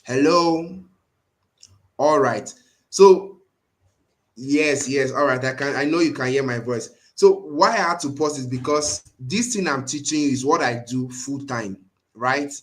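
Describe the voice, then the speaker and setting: A man's voice: mid-range voice, unhurried. A man teaching a design tool in a live screen-share tutorial, earnestly checking in with his students again and again. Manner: earnest, keeps checking in with "right?" and "you understand?". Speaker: design instructor.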